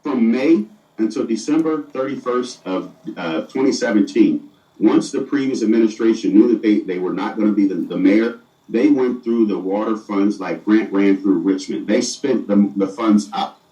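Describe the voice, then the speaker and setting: Speaking at a moderate pace in a fairly low, dark voice, this middle-aged mayor earnestly works through interview questions, frequently tripping over and repeating words. The sound is lo-fi, captured at a distance from the microphone in a room with echo.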